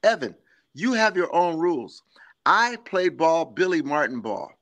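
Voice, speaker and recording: A man's voice: on the high side, very animated, unhurried, fairly bright tone. An older man, a former ballplayer, telling rambling anecdotes in a live video interview, acting out the voices of people in his stories and laughing often. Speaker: former baseball player, guest. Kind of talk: animated storytelling in a live interview.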